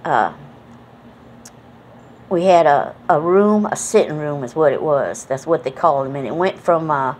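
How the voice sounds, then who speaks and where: Low-voiced folksy American woman. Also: animated, moderate pace, long pauses, a little mellow, a little hiss or hum. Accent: mixed Southern and New England American. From New England, United States. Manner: rambling, folksy, many fillers and restarts. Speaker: vlogger. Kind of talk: casual reminiscing monologue.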